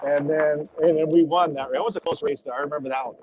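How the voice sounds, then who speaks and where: Man telling stories, slightly high-pitched, muffled sound. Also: fast talker, slight background noise. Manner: animated, swears freely, acts out quotes. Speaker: retired drag racing driver as podcast guest. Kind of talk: casual storytelling interview. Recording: dull lo-fi audio.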